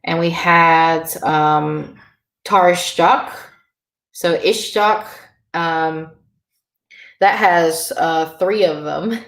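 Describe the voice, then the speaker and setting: A woman leads a beginner language lesson at a slow, patient pace. Her voice sits slightly low, and she stops often for ums and uhs. The room around her gives off a noticeable echo. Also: fairly bright tone. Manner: patient, filler-heavy explaining with many ums. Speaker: Irish language teacher.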